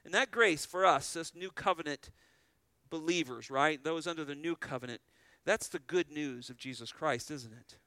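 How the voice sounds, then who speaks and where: A man's voice: on the high side, normal speed, bright, forceful tone, smooth, no echo. A man preaching a sermon as pastor, earnest and full of rhetorical questions.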